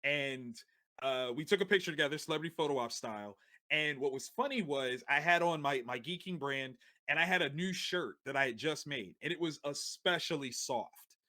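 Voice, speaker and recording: A man guest on a podcast, telling a story in an animated, slangy way and often laughing as he talks. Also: a little high, normal speed.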